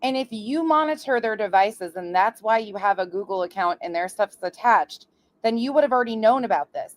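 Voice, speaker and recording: A woman's voice: mid-range voice, animated, fairly quick, no echo. A woman hosting a reaction commentary channel, blunt and sarcastic, swearing freely as she calls out the clip.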